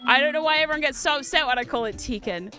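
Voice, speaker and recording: Young woman streamer; rambling, giggly casual chat, high pitch, music under the voice. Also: fast talker. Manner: rambling, giggly, animated outbursts. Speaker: VTuber streamer. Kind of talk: casual chat while streaming retro games.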